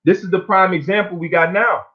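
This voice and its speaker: A man with a slightly high voice delivers an informal sermon. He reads scripture slowly and then explains it in loose, everyday talk, often tagging "man" onto his lines. The sound is narrow and tinny, like a phone line. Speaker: preacher.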